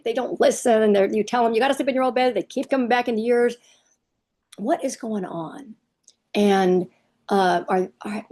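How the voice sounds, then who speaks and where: Speaking casually to camera, a middle-aged parenting coach offers advice in a medium-pitched, slightly mellow voice. Her manner is chatty and emphatic, peppered with rapid rhetorical questions.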